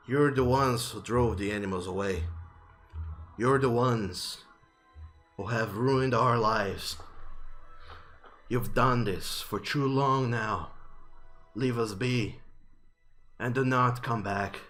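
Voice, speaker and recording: A man's voice: medium pitch, slow, long pauses, fairly bright tone, soft background music. A man voicing a grieving male dog-folk village leader who speaks in solemn, despairing declarations. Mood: accusing.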